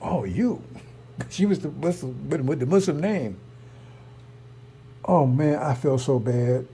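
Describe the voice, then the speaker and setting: A man's voice: on the high side, slow pace, vocal fry, mellow, husky. A man, telling a rambling personal story in a heated, emphatic, repetitive way. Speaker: online preacher.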